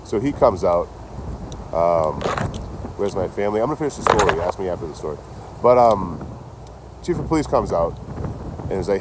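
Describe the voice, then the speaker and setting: A man with a low, deep voice rattles off a story at a quick clip, swearing freely and acting out both sides of each conversation. He records on a phone outdoors, with a faint wash of outdoor ambience behind him. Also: background noise. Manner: rambling, profane, animated retelling with quoted dialogue. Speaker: vlogger. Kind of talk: casual storytelling vlog. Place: outdoors near trees and a road. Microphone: handheld phone.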